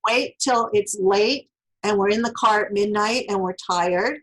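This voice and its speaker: A woman's voice: medium pitch, unhurried, rough recording. Woman author giving relationship advice. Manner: explains through worked examples, acts out spoken lines. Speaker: author and interview guest. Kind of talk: conversational advice in an interview.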